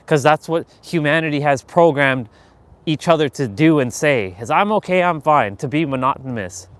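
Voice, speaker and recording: Blunt, swearing man with a slightly high voice. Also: moderate pace. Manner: blunt and profane, acting out quoted small talk. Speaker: host of a daily motivational live stream. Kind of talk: casual motivational monologue.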